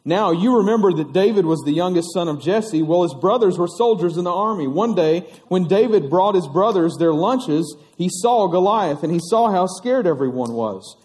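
A man, teaching children on a stage as they act out a story. He is animated, stretches words for drama and laughs often. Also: high-pitched, normal speed, few pauses.

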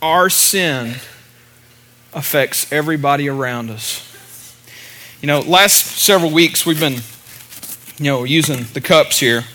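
A middle-aged man preaching a relaxed, conversational sermon, forever dropping in "you know." His voice sits high and comes across bright and forceful. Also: unhurried, pauses often, slight background noise. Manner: chatty, lots of "you know" fillers. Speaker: pastor. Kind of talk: casual sermon.

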